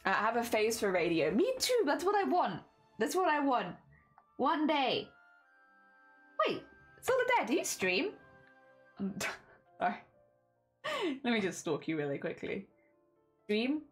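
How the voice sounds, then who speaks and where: A chatty British woman talks casually to her livestream audience, her fairly high voice swinging up and down with animated expression. She laughs easily and keeps up a running patter, with soft music playing faintly in the background. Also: unhurried, long pauses. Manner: chatty, laughs often, repeats "oh dear" while reading chat. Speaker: craft livestreamer. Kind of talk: casual chat with livestream viewers.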